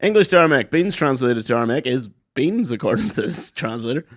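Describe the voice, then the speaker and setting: A man's voice: medium pitch, big pitch swings, fast, no echo. A man co-hosting a podcast in casual, joking chat. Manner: joking, banters, quotes sayings and mock French. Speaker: podcast co-host.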